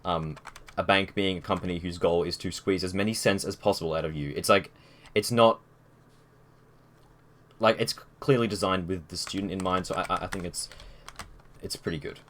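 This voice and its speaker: A man's voice: low-pitched, fairly even intonation, normal speed, long pauses, fairly bright tone, a little hiss or hum. A young man streaming from his desk on a headset, chatting casually and rambling with fillers. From Australia. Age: young adult. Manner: rambling and easygoing, with many fillers and restarts. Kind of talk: casual live-stream chat.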